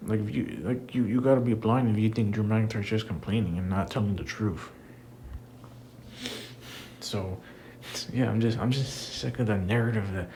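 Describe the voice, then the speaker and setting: A man's voice: lowish voice, vocal fry, a little mellow, slight background noise, poor audio. A young man ranting casually about wrestling, frustrated and repetitive, with many fillers. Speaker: wrestling commentator. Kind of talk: casual rant to camera.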